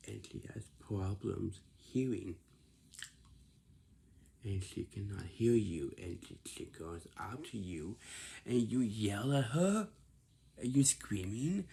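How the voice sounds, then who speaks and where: A young man with a lowish, creaky, mellow voice gives casual advice in halting phrases, often restarting them and sometimes dropping to a whisper.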